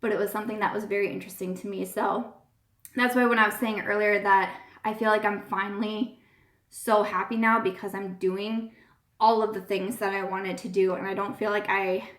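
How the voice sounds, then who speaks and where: A woman's voice: mid-range voice, a bit bright. A woman hosting a casual live-stream chat, talking in a gushing, earnest way and often repeating herself. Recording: roomy echo.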